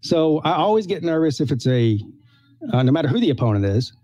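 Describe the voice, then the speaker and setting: A man's voice: fairly high pitch, sing-song, a little fast, dark tone, dry recording, muffled recording. A man co-hosting a casual sports podcast, talking with frequent fillers and restarts. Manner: hesitant, lots of fillers and restarts.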